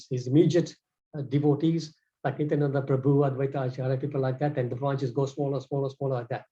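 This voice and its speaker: A man's voice: medium pitch, mellow, dull audio. A man giving a devotional scripture lecture, telling stories in an earnest, stop-start way.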